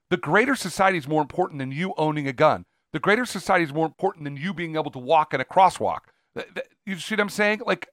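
A man's voice: a little high, a bit bright, dry recording, clean studio sound. Opinionated man riffing on a podcast. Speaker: podcast co-host. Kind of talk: casual chat.

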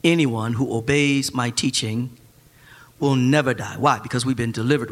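A man preaching a Sunday sermon, animated and joking, breaking into shouts at the high points. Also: slightly rough. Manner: casual churchy speech with slang. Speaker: pastor.

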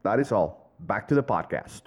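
A man's voice: on the low side, animated, moderate pace, a little mellow, voice pushed down, poor audio. A man putting on a stiff, formal voice for a mock public apology. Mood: mock solemn.

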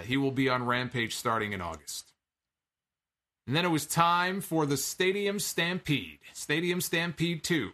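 A man's voice: medium pitch, fairly bright tone. A man giving a casual spoken recap of a wrestling show, conversational with wry asides and frequent filler words.

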